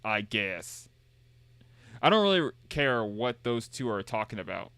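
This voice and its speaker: A man's voice: mid-range voice, sing-song, measured pace, a bit bright, clear, resonant tone, no room sound. A man streaming a game, chatting casually, reading dialogue aloud and joking in a rambling, repetitive way. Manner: rambling and jokey, reads game dialogue aloud and repeats himself.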